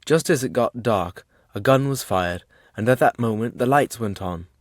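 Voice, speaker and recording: A man's voice: mid-range voice, moderate pace, no echo, studio quality, lightly acted. A man reading a language-learning audiobook, voicing a friendly young male student who chats cheerfully.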